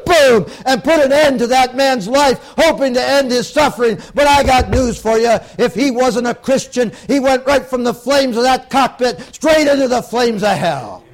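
A man preaching a fervent sermon, swinging between loud outbursts and low hushed warnings.

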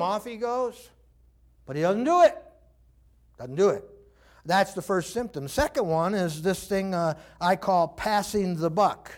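High-voiced older male preacher. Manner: animated, acts out quoted voices, laughs often. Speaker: pastor. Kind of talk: sermon.

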